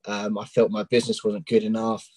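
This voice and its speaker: A man in his thirties from England with a London accent, a coaching client talking openly as a guest in a casual interview, with many ums and pauses. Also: on the low side, monotone, a little mellow, breathy edge, no room sound, low-quality recording. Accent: London English. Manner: open and candid, with many ums. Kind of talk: casual interview on a live stream.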